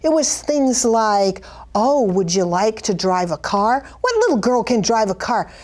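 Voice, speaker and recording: A middle-aged woman giving an impassioned Christian testimony and prayer, fervent and pleading, her voice climbing high when she cries out. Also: big pitch swings, unhurried, a little mellow. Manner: fervent, pleading, rises high on cried-out lines. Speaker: Christian speaker sharing a vision.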